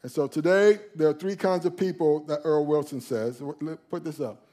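A male pastor preaching a sermon, emphatic, slowing down and leaning on key phrases. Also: fairly high pitch, warm tone.

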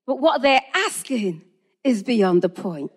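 A woman's voice: a little high, sing-song, takes it slowly, husky. A woman from England preaching a sermon, telling a personal story and acting out both sides of phone calls.

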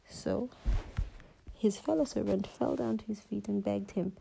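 A woman in a whispered Bible reading and teaching, halting and often losing her place and rereading verses. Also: mid-range voice, creaky, mellow, a little hiss or hum, poor audio.

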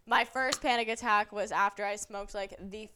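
A woman's voice: medium pitch, normal speed, a little hiss or hum. A young woman co-hosting a podcast, telling stories in casual, profane chat with lots of energy. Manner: animated, profane storytelling. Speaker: podcast co-host.

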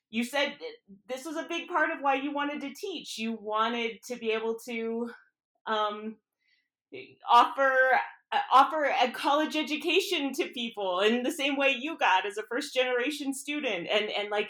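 A woman hosts a podcast interview, prompting her guest and affirming her often. Her voice is bright and forceful. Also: fairly high pitch. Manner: encouraging, frequent affirmations. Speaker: podcast host. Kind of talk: conversational interview.

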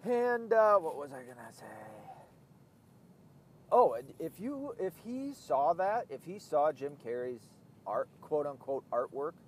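A man's voice: on the high side, unhurried, poor audio. Profane man rambling while driving. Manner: profane, rambling, loses his train of thought. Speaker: vlogger. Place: inside a car on the road. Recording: steady car road noise.

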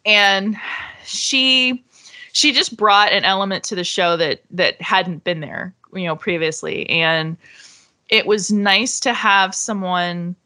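Bright-voiced woman from Florida, chatty podcast guest who rambles with fillers. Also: mid-range voice, slow. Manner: chatty, many fillers and restarts. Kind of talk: casual chat.

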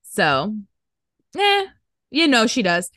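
A woman's voice: on the high side, huge pitch swings, slow, a bit bright, no echo. Young woman cohosting a podcast, chatty and laughy, dry close mic. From upstate New York. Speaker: podcast co-host. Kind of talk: casual chat.

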